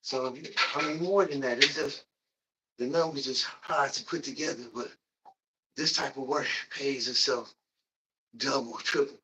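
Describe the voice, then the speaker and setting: A man leading a workout on a livestream, out of breath as he exercises and talks in a preachy, pumped-up coaching way with loud whoops. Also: medium pitch, steady tone, normal speed, background noise. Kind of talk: motivational workout talk. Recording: voice distant from the mic.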